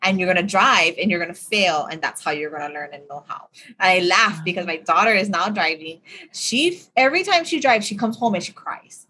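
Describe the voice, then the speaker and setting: A woman's voice: fairly low pitch, lively intonation, fairly quick, pushed and bright, slightly rough. A woman, co-hosting a podcast in easy, chatty talk and laughing readily. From Hawaii. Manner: chatty storyteller, laughs easily. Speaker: podcast co-host. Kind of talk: casual chat.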